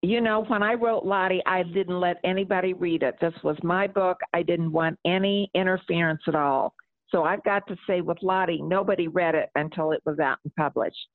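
A woman's voice: fairly low pitch, fairly even intonation, normal speed, dry recording. A middle-aged woman author answering interview questions and reading aloud from her novel, speaking earnestly. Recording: tinny phone line.

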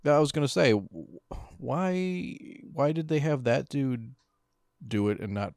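A man's voice: medium pitch, expressive, measured pace, creaky, darkish tone, no echo, studio quality. A man co-hosting a casual movie commentary, laid-back, giving short replies and swearing casually. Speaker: co-host of a movie commentary podcast.

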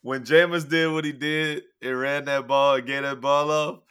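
A man's voice: fairly high pitch, steady tone, normal speed, a bit bright, clear, resonant tone. A man co-hosting a podcast, chatting and joking in a laid-back way. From Shreveport, Louisiana. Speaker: podcast co-host. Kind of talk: casual chat.

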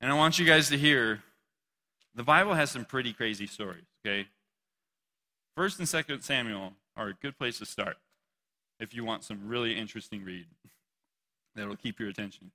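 A man preaching a casual sermon, reading scripture slowly and dramatically between conversational asides. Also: mid-range voice, expressive, pushed and bright. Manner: conversational, reads scripture slowly and dramatically, frequent laughs and "right?". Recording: long hall reverb.

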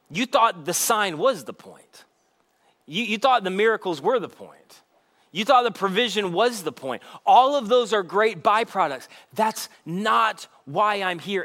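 High-voiced man preaching casually. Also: pushed and bright. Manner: casual, conversational preaching with frequent "like"; acts out quoted voices with shifts in pitch and pace. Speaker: pastor. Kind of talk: sermon.

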